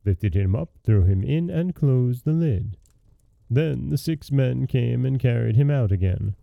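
Gravelly-voiced man narrating folktales. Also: medium pitch, lively intonation, unhurried, no room sound, narrow, tinny audio. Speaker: podcast host and storyteller. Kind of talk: scripted storybook narration.

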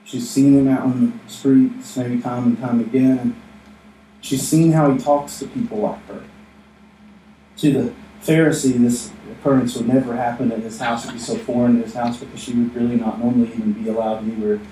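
A man's voice: mid-range voice, fairly even intonation, brisk, mellow, a little hiss or hum. A man preaching a casual, conversational sermon as a pastor, joking with the room and acting out little asides. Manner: conversational, jokey, acts out asides. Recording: echoey room, mic from a distance.

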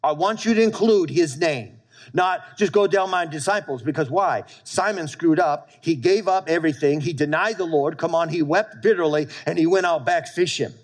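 Male pastor preaching emphatically to his congregation, voice sitting a little high. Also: moderate pace. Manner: emphatic preaching, repeating lines and calling for amens. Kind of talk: sermon.

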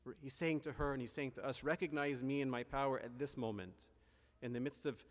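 Man, priest, earnest reflective sermon, mid-pitched voice, long hall reverb. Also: fairly even intonation, fairly quick. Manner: earnest, reflective preaching with restarts and asides.

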